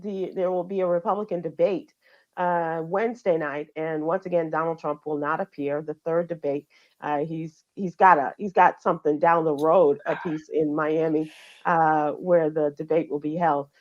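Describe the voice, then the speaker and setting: A woman with a low voice hosts a radio show, running through the headlines in an easy, conversational chat. She speaks at a normal speed with a steady tone, using many fillers and restarts, and the audio is a little muffled.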